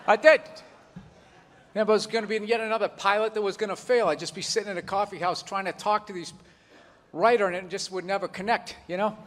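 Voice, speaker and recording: A man doing a stand-up comedy set on a club stage, rambling and animated with constant "you know" asides. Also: high voice, fast talker. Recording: live club recording with reverb and crowd.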